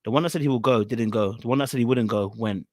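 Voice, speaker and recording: A man's voice: mid-range voice, fast talker, a little mellow, no room sound, studio quality. A man hosting a casual podcast, rambling with lots of fillers and laughing as he reacts to a clip. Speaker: podcast host.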